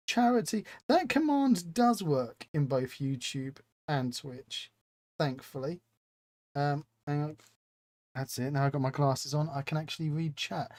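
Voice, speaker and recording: A man's voice: a little high, a little mellow, no room sound. A man hosting a live stream, chatting casually and reading out chat with self-mocking humor. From England.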